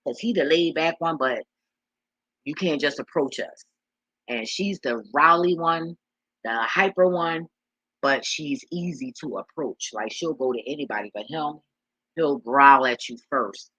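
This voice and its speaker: Woman vlogger, rambling and profane, bright husky voice, dry close sound. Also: low-pitched, lively intonation, moderate pace, no echo, low-quality recording. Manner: loose and profane, rambling with many restarts; talks straight to her viewers as y'all. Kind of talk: casual rambling monologue to viewers.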